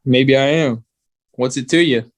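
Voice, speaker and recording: A man's voice: medium pitch, a little slow, dry recording. A man co-hosting a podcast, answering in short, teasing retorts. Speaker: podcast co-host. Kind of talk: casual podcast chat.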